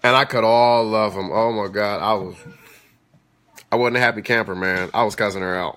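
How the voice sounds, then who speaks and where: A man at home hosting a casual live-stream chat, telling stories in an animated way and talking back to his viewers. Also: fairly low pitch, moderate pace.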